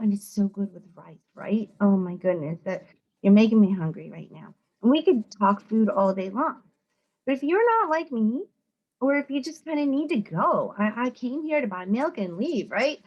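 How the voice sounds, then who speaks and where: Animated American woman giving a talk. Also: fairly high pitch, normal speed, breathy edge, dull audio. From United States. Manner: conversational, animated, acts out quoted people in voices. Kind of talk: informal lecture to students.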